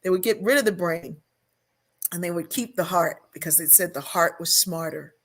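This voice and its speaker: A woman's voice: lowish voice, moderate pace, fairly bright tone. An older woman, a guest on an interview show, telling a personal story at length and acting out the voices she remembers. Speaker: guest, sociologist and author.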